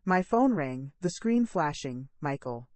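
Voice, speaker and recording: Middle-aged woman storyteller, earnest first-person drama, low and dry. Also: animated, measured pace, darkish tone, no room sound.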